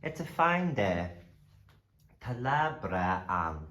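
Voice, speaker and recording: A man teaching a language lesson, saying each phrase and then repeating it slowly for the listener. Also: lowish voice, big pitch swings, a bit bright, reverberant.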